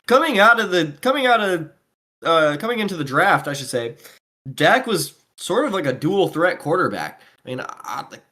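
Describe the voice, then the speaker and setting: A man co-hosting a casual sports chat show, relaxed and a little hesitant, with playful asides. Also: fairly high pitch. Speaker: podcast co-host.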